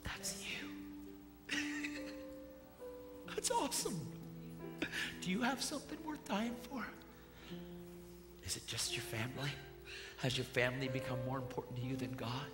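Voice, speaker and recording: A man preaching a sermon, excitable and slangy, retelling a movie with gusto and calling the church to action. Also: mid-range voice, unhurried, long pauses. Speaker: guest preacher. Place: church hall with live audience. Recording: church hall reverb with music behind.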